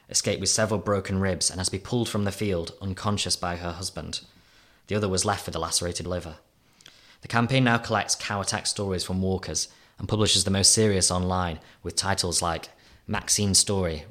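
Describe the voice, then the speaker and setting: A man reading his own opinion column aloud in a dry, measured storytelling manner. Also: deep voice, fairly bright tone.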